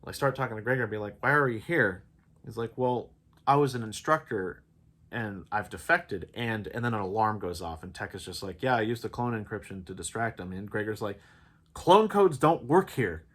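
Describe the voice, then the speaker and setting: Guy with a lowish voice rambling through a show recap, gets hyped about it. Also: fairly quick, fairly bright tone. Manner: enthusiastic, rambling recap with fillers. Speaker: reviewer. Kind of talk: casual spoiler review.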